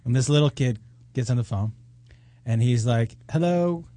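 A man's voice: medium pitch, fairly even intonation, normal speed, warm tone, no room sound. A man co-hosting a casual chat, teasing and joking in banter with his partner. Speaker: co-host.

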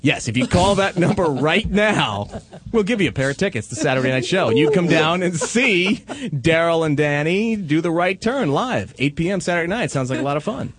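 A man's voice: on the high side, big pitch swings, moderate pace, breathy edge. A man co-hosting a live comedy radio show, teasing his co-host and callers and laughing often. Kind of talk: casual comedy radio banter. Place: live comedy theater broadcast.

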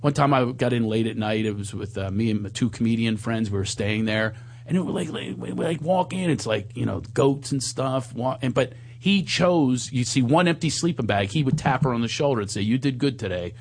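A man hosting a radio talk show as a comedian, telling stories in a casual way and jumping into higher voices for his impressions. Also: fairly quick, gravelly. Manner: animated storyteller who jumps up in pitch for impressions.

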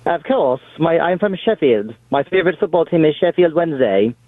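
A man's voice: fairly high pitch, lively intonation, a little fast, pitched above the performer's own voice, natural voice. A male caller putting on an overdone fake English accent over the phone. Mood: hammy. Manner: hammy, overdone British put-on. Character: American man faking an English accent. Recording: tinny phone line.

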